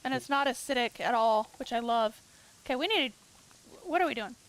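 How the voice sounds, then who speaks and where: A woman's voice: on the high side, lively intonation, fairly quick, a bit bright. A middle-aged woman hosting a livestream, chatting casually and teasing her co-player while gaming. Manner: playful, teasing, opinionated. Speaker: livestream host.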